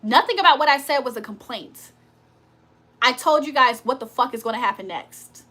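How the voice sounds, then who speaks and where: A woman's voice: sits high, lively intonation, normal speed, pushed and bright. A woman hosting a casual livestream, talking bluntly and confrontationally with plenty of profanity. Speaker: livestream host.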